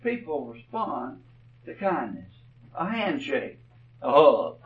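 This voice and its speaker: A man preaching a sermon, telling stories slowly and deliberately, his phrases often trailing off softly. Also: medium pitch, big pitch swings. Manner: slow, deliberate storytelling with soft trailing phrases. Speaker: pastor. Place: church. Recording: dull, distant church recording.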